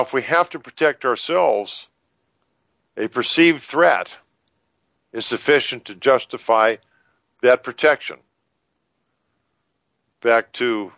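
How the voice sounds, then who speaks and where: A man talking on a radio show in a measured, folksy, plainspoken way. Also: mid-range voice, fairly bright tone, no room sound. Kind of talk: talk radio discussion.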